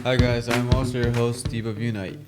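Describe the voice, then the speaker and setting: A man's voice: mid-range voice, flat delivery, fairly quick, loud music behind the voice. A man co-hosting a talk show, asking playful, curious questions. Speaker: co-host.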